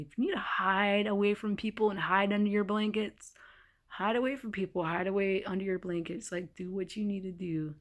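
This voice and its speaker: A woman's voice: medium pitch, steady tone, a little fast. A young woman talking candidly in a casual vlog, exasperated and laughing between heavy sighs. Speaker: vlogger. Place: temporary hotel stay during a winter storm.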